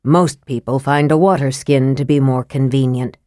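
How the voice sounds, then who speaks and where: A woman reads a sickly young male wizard in a low, hushed register. He is cold and scathing. The sound is dry and close to the mic. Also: steady tone, normal speed, no echo.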